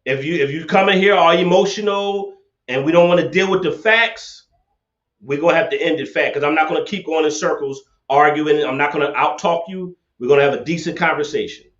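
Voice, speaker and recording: Here a man with a fairly high, fairly bright voice talks a little fast while hosting a livestream rant and call-in debate. His manner is preachy and confrontational, full of repetition. The lo-fi webcam recording sounds echoey and dull.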